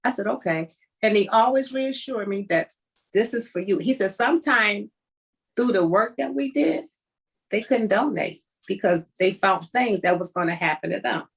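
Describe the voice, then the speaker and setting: A woman's voice: medium pitch, animated, moderate pace, creaky, slightly rough. A middle-aged woman from the United States, a kidney donor, telling her story in an emotional way and acting out old conversations in quotes. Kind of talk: personal storytelling.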